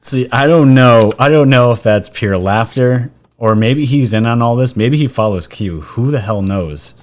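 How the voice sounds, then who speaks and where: A man hosting a casual commentary vlog, chatty and excitable, talking straight to his viewers as "guys.". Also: medium pitch, normal speed. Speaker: vlog host.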